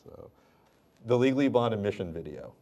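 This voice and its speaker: A man's voice: on the low side, expressive, brisk, crowd noise. A man hosting a live cinema interview, asking playful questions with mock-serious jokes. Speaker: moderator host. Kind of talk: interview moderating. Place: cinema event with live audience.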